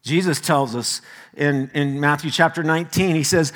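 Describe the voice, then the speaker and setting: Bright-voiced male pastor, folksy sermon. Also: fairly high pitch, normal speed. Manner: folksy, animated storytelling with homely asides.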